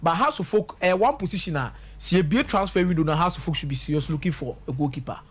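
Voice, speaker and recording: A man's voice: a little high, expressive, quick pace, husky. A man with a Ghanaian accent, giving passionate sports analysis on a radio talk show and mixing local slang into his English. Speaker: sports pundit.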